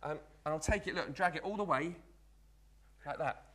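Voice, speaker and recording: A man's voice: fairly high pitch, fairly quick, a bit bright, breathy edge. Man playing cheeky apprentice magician. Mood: playful. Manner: chatty, patter-filled, keeps saying "look". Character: young Victorian London apprentice magician, cheeky and eager. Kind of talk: live magic act in character.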